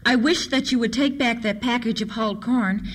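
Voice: medium pitch, normal speed, a bit bright, voice pushed up, natural voice. An earnest, pleading boy held captive, voiced by the storyteller.

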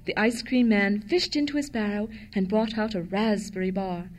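Expressive woman narrating a storybook. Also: medium pitch, normal speed. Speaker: audiobook narrator.

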